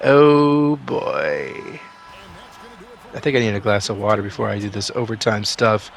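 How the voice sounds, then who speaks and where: A man doing play-by-play for a basketball video game simulation, swinging from calm asides to excited outbursts, a bit sick. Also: lowish voice, a little slow, creaky. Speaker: video game sim commentator. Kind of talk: play-by-play commentary.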